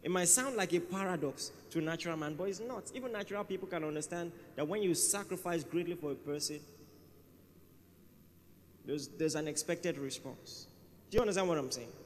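A man's voice: fairly high pitch, a little fast, a little hiss or hum. A man preaching a sermon in a church hall, conversational and emphatic, often repeating his key phrases. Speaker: pastor. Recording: reverberant church hall, faint ambience.

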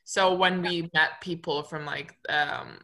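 A woman's voice: low voice, steady tone, slow, pushed and bright. A young woman with a Turkish accent, chatting casually with friends as a podcast co-host, full of fillers. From Turkey. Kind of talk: casual chat among friends.

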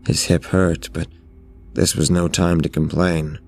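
A man narrating a scripted horror story in a measured, steady way. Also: deep voice.

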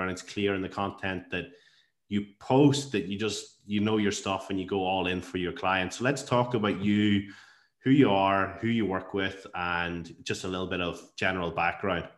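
A male podcast host with a fairly low voice talks in a loose, chatty way, throwing in mate again and again. The recording is roomy and echoey. He keeps the conversation easygoing with his guest. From lived in Glasgow for years. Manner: chatty, says mate a lot, relaxed and friendly. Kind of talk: casual interview chat.

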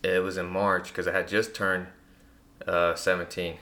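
A man telling personal stories in a relaxed, casual conversation, with lots of fillers. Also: low voice, normal speed. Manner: relaxed storytelling with many fillers. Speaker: guest.

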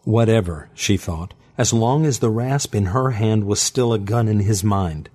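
A man narrating fiction in a steady, measured storytelling manner. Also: fairly low pitch.

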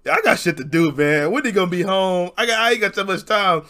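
A young adult man co-hosting a podcast, telling anecdotes in a loud, excitable, laughing way. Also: high-pitched, quick pace. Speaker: podcast co-host. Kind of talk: casual chat.

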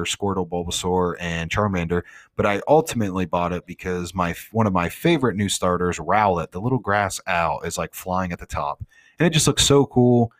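A man with a low voice hosts a laid-back gaming podcast, rambling loosely with plenty of fillers and asides. He records from a home studio, and the sound is dry and close. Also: dry recording. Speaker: podcast host. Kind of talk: casual gaming recap.

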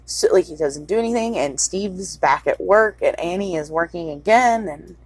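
A woman co-hosting a podcast, retelling a film scene in a casual, profane, animated way. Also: fairly low pitch, moderate pace, husky, dry recording. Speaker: podcast co-host. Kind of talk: casual movie recap chat.

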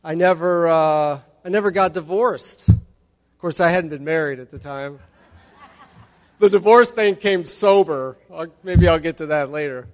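A Texas man in his fifties gives his personal recovery testimony to a meeting, sprinkling in wry, humorous asides. He speaks unhurriedly in a slightly high voice, and the large conference hall adds a long reverb.

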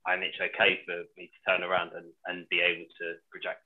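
A man co-hosting a podcast, speaking quietly and reflectively. His voice is very deep, and it comes through thin and tinny, like a phone line. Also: monotone, brisk, crowd noise. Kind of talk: casual podcast chat.

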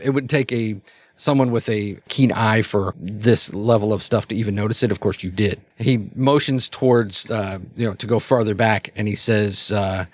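Speaking at a normal speed in a steady, lowish voice, a man narrates a tabletop RPG as game master, rambling and restarting with frequent fillers. The recording is dry.

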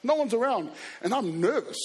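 A man telling personal stories to a live audience, animated and acting out scenes and voices. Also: very high-pitched, moderate pace. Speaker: youth speaker. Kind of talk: storytelling talk to an audience.

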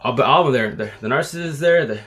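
Guy in his 40s going live on his phone, slangy and preachy, keeps repeating himself, mid-pitch voice. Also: animated, very fast, fairly bright tone, faint music behind. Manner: streetwise slang, repetitive, preachy. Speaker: livestream host. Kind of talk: casual livestream monologue. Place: at home, live stream.

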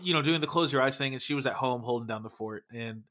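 Man, casual podcast talk, laid-back, swears a lot, bright voice. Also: medium pitch, fast talker. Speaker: former band member, podcast guest.

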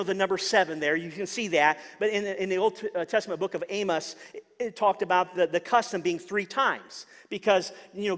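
Earnest and often repeating words as he searches for them, a pastor preaches a sermon. His voice is high with a fairly bright tone, and the sound carries a big-room quality.

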